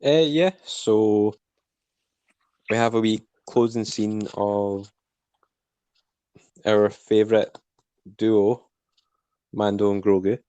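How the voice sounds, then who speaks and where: A man's voice: lowish voice, warm tone, smooth, no echo, highs cut off. A man co-hosting a casual review podcast, recapping scenes in a plain storytelling way. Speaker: podcast co-host.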